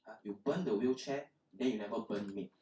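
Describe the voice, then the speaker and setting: A man's voice: lowish voice, brisk, dark tone, roomy sound, distant mic, slight background noise, close to an everyday voice. A man voicing a blunt middle-aged shopkeeper in Singaporean English, curt and matter-of-fact. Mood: lecturing.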